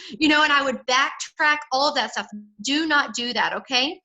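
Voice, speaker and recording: Upbeat woman, sales team leader, high and bright, direct coaching over a video call. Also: brisk, hardly any pauses, low-quality recording. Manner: upbeat, direct, peppy sales pep talk.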